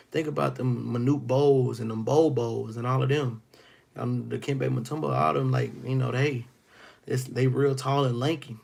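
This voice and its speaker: Gravelly man teaching scripture. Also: medium pitch, darkish tone. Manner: reads verses aloud, then retells them in street slang. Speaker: Bible teacher. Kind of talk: Bible study teaching.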